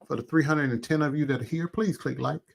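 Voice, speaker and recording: A man vlogger delivering an angry, profane call-out rant, swinging from loud outbursts to low muttering and eating as he talks. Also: fast talker, vocal fry. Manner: eats while talking. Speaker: commentary vlogger.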